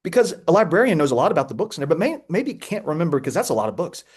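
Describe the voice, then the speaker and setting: A man, presenting a webinar over a video call in an excitable, playful way with frequent restarts. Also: fairly high pitch, very fast, slightly rough. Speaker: edtech presenter. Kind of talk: energetic webinar talk.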